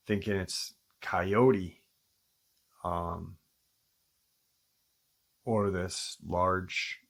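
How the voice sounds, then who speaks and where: A man hosting a channel, casually retelling a listener's encounter in a halting way, with frequent ums and restarts. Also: sits low, fairly bright tone. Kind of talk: casual spoken storytelling.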